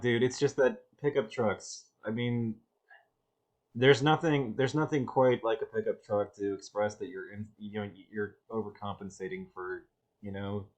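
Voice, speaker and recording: Brief: low-voiced man hosting a reaction video, sarcastic and exasperated, stumbling over restarts. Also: a bit bright. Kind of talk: reaction commentary.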